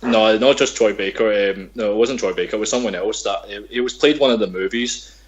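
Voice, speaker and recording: A man's voice: lowish voice, a little fast, dull audio, noisy background. A young man with a Glaswegian Scottish accent, hosting a casual podcast chat, hesitant with many ums and restarts. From Scotland, Glasgow. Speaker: podcast host.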